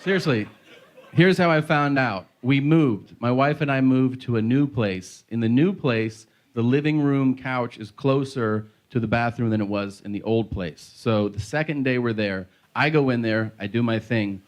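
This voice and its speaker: A man doing a stand-up set, telling stories with animated shouted voices. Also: mid-range voice, normal speed. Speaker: stand-up comedian. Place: large venue with audience. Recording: live hall with crowd noise.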